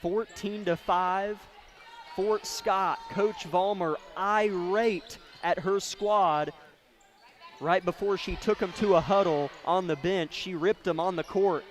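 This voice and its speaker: High-voiced, excitable play-by-play man. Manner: rapid, excitable calls that rise to shouts on big plays. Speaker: play-by-play announcer. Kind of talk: radio basketball play-by-play. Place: high school gym, courtside. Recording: noisy gym broadcast feed.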